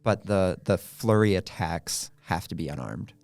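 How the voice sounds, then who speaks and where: A man's voice: deep voice, lively intonation, measured pace, creaky, darkish tone, no echo. A man playing a tabletop game, checking and explaining the rules to another player. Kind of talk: casual tabletop game play.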